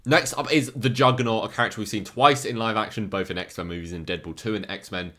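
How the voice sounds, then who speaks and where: Chatty English man with a low voice. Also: fairly quick. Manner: chatty, jokey, swings between excited and deadpan. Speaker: YouTuber ranking comic villains. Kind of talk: casual opinionated commentary.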